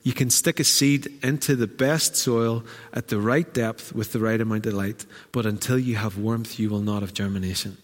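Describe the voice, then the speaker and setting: A man preaching a sermon as pastor, animated and acting out the voices he quotes. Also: lowish voice, normal speed, few pauses. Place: church hall. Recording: church hall with long reverb.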